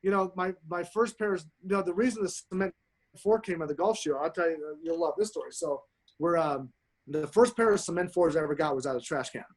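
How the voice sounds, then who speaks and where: A man guesting on a podcast, telling stories in a casual chat, swearing constantly and talking with excited emphasis. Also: on the high side, fast talker.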